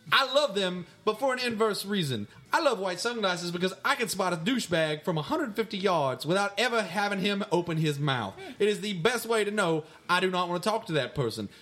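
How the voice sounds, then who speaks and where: A man's voice: on the high side, a bit bright. A man playing a brash mailbag persona, answering fan questions in a rambling, mock-indignant way on a comedy podcast. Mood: swaggering. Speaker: podcast co-host. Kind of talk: comic mailbag segment.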